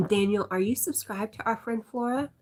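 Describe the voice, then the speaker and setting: Breathy woman chatting on a livestream. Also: mid-range voice, moderate pace, a little mellow. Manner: reads out viewer comments, friendly and chatty. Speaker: livestream host reading chat. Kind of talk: casual chat.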